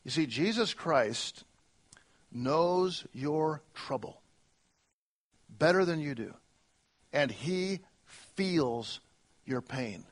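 Earnest preaching man, fairly high voice. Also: expressive, very slow, pauses often. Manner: earnest, swings from soft to emphatic. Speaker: pastor. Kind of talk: sermon.

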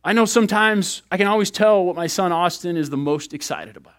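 A man in his thirties, a pastor giving a sermon in an animated, conversational way, acting out little asides. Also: high-pitched, fairly quick.

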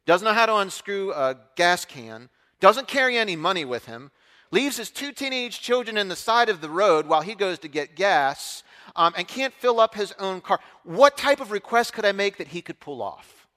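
A middle-aged man telling a story from the pulpit, acting out the voices of the people in it. His voice is high, bright and forceful. It rings with the long reverb of a large hall. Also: moderate pace. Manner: animated storyteller, acts out other voices. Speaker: preacher. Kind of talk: storytelling sermon.

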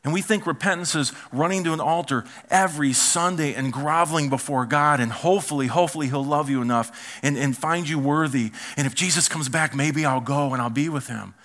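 Bright-voiced animated male preacher. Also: on the high side, a little fast, few pauses. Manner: animated preaching, acts out quoted voices, drops to quiet asides. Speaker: pastor. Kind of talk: sermon.

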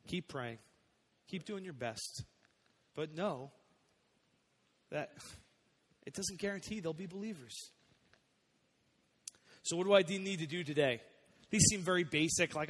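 A young adult male pastor giving a sermon, conversational and personal, dropping soft then rising to emphatic points. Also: a little high. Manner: conversational preaching, swings between soft and emphatic. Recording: long hall reverb.

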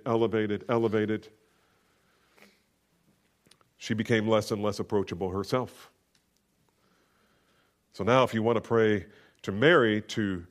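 A man preaching a sermon in an emphatic way, slowing down and lifting his voice sharply when he quotes scripture. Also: medium pitch.

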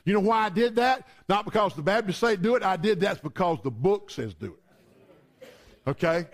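High-voiced storytelling preacher man. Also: lively intonation, normal speed. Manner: conversational, storytelling with humor. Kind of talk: sermon.

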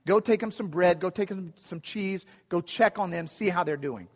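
A man's voice: sits high, moderate pace, in a large hall. A man retelling a story, voicing a father sending his son on an errand. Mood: instructing. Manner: instructing. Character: fatherly shepherd dad giving errands.

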